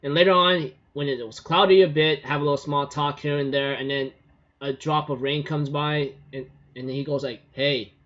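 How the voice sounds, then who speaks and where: A man recapping an anime episode in a loose, rambling way. His voice sits a little high for a man, he laughs often, and he leans on "you know". The recording sounds dull and lo-fi. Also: steady tone, moderate pace, a bit bright. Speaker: anime reviewer. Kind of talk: casual spoken recap. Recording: muffled lo-fi recording.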